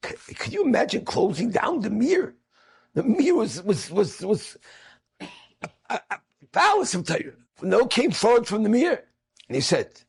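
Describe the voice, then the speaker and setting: Gravelly high-voiced storytelling man. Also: moderate pace. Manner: animated, acts out quoted speakers. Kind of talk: storytelling talk.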